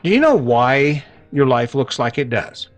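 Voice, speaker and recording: A man's voice: medium pitch, big pitch swings, unhurried, soft background music. A man hosting a casual motivational podcast in a folksy, chatty way, often tagging his points with "right?". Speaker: podcast host. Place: lives in an RV.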